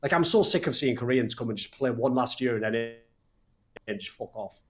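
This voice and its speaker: A man hosting a casual esports podcast, animated and swearing freely, often mimicking other people. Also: medium pitch, brisk. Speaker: podcast host.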